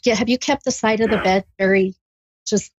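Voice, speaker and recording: A woman's voice: mid-range voice, moderate pace, no echo, lo-fi sound. Gushing, hesitant woman psychic medium. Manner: hesitant, with many ums, gushing and animated. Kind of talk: live spirit reading with a caller.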